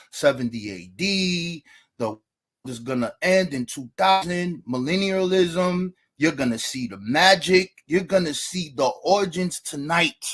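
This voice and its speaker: A man giving a debate opening statement, lecturing and asking rhetorical questions. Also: a little high.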